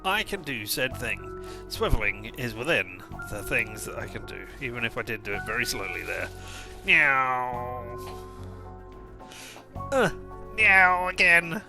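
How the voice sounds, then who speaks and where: A man's voice: mid-range voice, vocal fry, sharp tone. A man streaming a game, chatting casually in a rambling, jokey way full of digressions. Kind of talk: casual let's-play chat.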